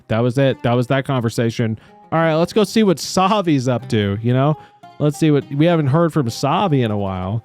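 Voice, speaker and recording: A man's voice: medium pitch, very animated, moderate pace, a little mellow, soft background music. A young man streaming a video game and commenting casually, chatty and jokey, peppering his talk with "like".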